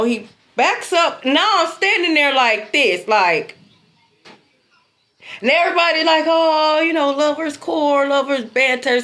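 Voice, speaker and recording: A young adult woman telling a story casually to her viewers, animated and slangy, swearing freely and calling them y'all. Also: high-pitched. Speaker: intuitive tarot reader.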